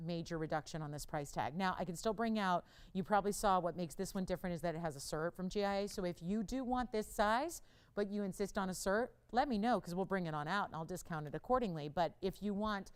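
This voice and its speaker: A woman hosting a live shopping channel, chatting upbeat through a jewelry sales pitch and talking to operators and callers from a studio lapel mic. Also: a little mellow, clean tone. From Los Angeles. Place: television studio.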